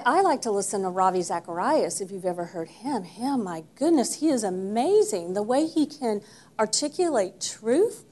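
A woman with a lilt teaches a church Bible class in a voice of ordinary pitch. She speaks with emphasis, stressing key words and asking her listeners questions as she goes. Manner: warm, emphatic, asks the group questions.

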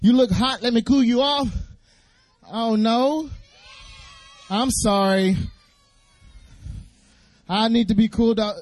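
A man speaking as a guest at a church service, telling a Bible story in a fast, playful way and drawing responses from the audience. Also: very high voice, a little mellow, no room sound.

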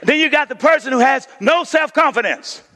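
A man preaching a sermon as pastor, emphatic, swinging from hushed lines to shouted ones. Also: very high voice, expressive, a little fast. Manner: emphatic preaching, drops to near-whisper and rises to shouts. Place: church sanctuary. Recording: long hall reverb.

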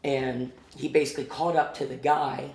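A man with a Midwestern American accent, a podcast guest telling a backstage story in a casual, animated way and acting out the quotes. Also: medium pitch, normal speed, vocal fry, reverberant. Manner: animated anecdote teller who acts out quotes. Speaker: guest, former music venue promoter.

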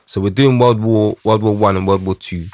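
A man, talking in an animated, emphatic way full of street slang. His mid-pitched voice sounds dry and close. He speaks as a guest in a relaxed podcast chat. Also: normal speed, dry recording. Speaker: guest, writer and father.

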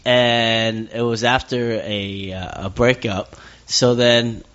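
A man who is a guest on a podcast, telling stories in a casual, animated way and swearing freely. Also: medium pitch, takes it slowly. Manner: animated storyteller, swears freely, mimics people. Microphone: headphones on, podcast mic. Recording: slightly muffled lo-fi audio.

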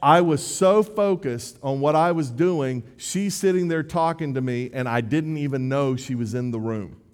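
A man's voice: mid-range voice, moderate pace, a little mellow. Man preaching in a reverberant hall. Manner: conversational, self-deprecating, with repeated restarts. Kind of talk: sermon.

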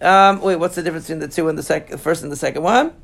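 A man teaching in a casual study session, reading Aramaic passages aloud and then translating and explaining them in a halting way, with many fillers and restarts. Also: fairly high pitch, creaky, fairly bright tone. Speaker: Talmud teacher.

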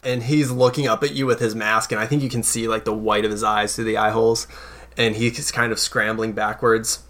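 A man narrating as game master in a tabletop game, in a relaxed, halting way. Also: lowish voice. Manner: relaxed, hesitant narration with fillers.

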